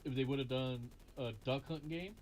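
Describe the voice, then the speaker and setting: A man's voice: medium pitch, moderate pace, darkish tone, slight background noise. A man hosting a casual retro game stream, chatting and joking with a guest and often laughing at his own jokes. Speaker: stream host. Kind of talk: casual gaming stream chat.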